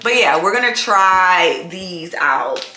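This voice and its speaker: A woman's voice: lowish voice, expressive, slow, reverberant, over music. A woman who is a single mom chatting casually to camera in a vlog, telling stories in a rambling way full of "like".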